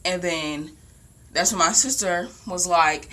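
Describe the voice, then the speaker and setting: A young woman casually telling a long story at home, rambling and animated, with lots of "like". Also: lowish voice, a little slow. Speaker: vlogger. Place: home, indoors.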